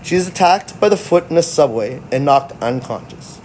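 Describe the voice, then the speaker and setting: A man's voice: on the high side, lively intonation, moderate pace, a little mellow, a little hiss or hum. Rambling man recapping a film. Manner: rambling, self-correcting, fannish. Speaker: host. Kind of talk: casual movie recap.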